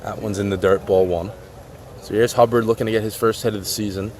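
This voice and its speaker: A man doing live play-by-play for a baseball game, relaxed and chatty, explaining the rules as he goes. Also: fairly low pitch, quick pace, slight background noise. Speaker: play-by-play announcer.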